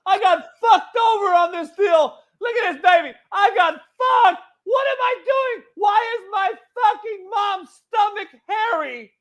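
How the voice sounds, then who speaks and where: A man's voice: very high voice, a little slow, few pauses, fairly bright tone, shouting, pitched above the performer's own voice. A man voicing an outraged newborn baby boy who shrieks in panic and swears. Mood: horrified shrieking.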